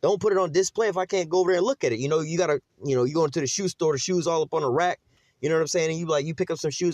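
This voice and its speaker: A man's voice: fairly high pitch, rapid-fire, darkish tone, dry recording. A man giving casual, rambling commentary on scripture, blunt and full of slang, often saying "whatever, whatnot" and "you see what I'm saying". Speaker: religious teacher.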